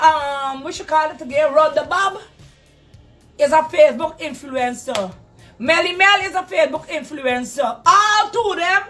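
A woman's voice: very high voice, sharp tone. Guyanese creole lady going off, cussing, sounds far from the mic with faint music. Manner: fiery, cursing, emotional. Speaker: social media commentator. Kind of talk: heated live rant.

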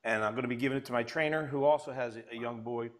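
Man, podcast host, casual interview, enthusiastic, restarts sentences, average pitch. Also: fairly even intonation, rapid-fire.

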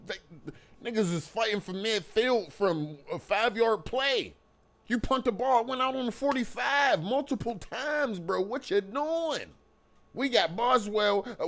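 A young man with a slightly high voice vents at his team in a long, heated rant. He swears constantly, stacks questions and stumbles over repeated words as his anger builds. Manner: heated, profane, repeats himself when worked up. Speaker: sports channel host. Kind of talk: angry sports fan rant to camera.

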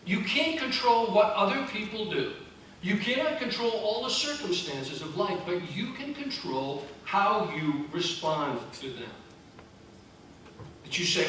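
A man's voice: sits high, animated, moderate pace, fairly bright tone. A man preaching a sermon as pastor, in a conversational, emphatic style with repeated phrases. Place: church sanctuary. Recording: very echoey church from a distance, faint noise.

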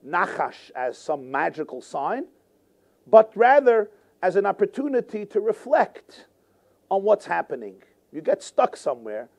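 A man, a rabbi, teaching a Torah class in an animated way, full of rhetorical questions and repetition. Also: high-pitched, creaky.

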